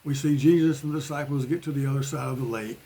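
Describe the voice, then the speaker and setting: A man's voice: medium pitch, steady tone, quick pace, dark tone, husky. A man giving an informal sermon in a conversational way, with playful voiced asides. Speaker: preacher.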